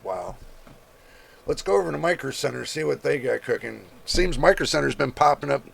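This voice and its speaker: A man with a heavily gravelly, creaky voice at a middle pitch, talking loosely through a list of prices. He reads figures off the screen in a casual way and drops chatty asides to his viewers. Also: lively intonation, moderate pace. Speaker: channel host. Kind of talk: casual screen-share commentary.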